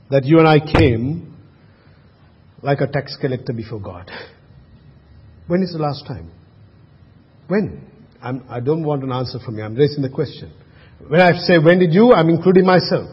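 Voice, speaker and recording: A high, husky male voice preaching, throwing out rhetorical questions and sinking to a near-hush on key words. The sound is dull and lo-fi, with long reverb from a church hall. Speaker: pastor. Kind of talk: sermon.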